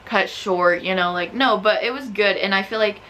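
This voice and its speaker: A young woman vlogging about books in a casual, animated way, full of "like" and exasperated outbursts. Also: mid-range voice, normal speed, a little hiss or hum. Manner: animated, exasperated, filler-heavy with frequent "like". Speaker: book vlogger. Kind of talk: casual ranting book review.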